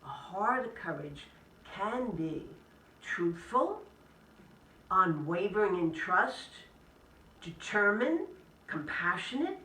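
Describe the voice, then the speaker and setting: A woman, a Catholic sister, giving an inspirational talk to a live audience in gentle, measured phrases. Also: on the low side. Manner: gentle, measured delivery in short list-like phrases. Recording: echoey room, speaker distant from the mic.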